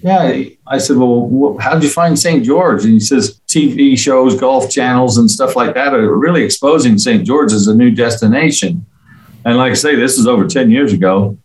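A man's voice: medium pitch, normal speed, low-quality recording. A middle-aged man from England, chatting casually and telling rambling, friendly stories in an interview. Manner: rambling, friendly storytelling with fillers. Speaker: interview guest, local resident. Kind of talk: casual conversational chat.

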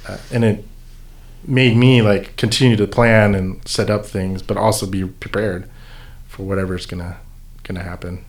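A man tells a story in a loose, rambling way, stopping and restarting with plenty of fillers. His voice sits a little low. He speaks as a volunteer who organizes events. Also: fairly even intonation, moderate pace. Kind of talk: casual storytelling.

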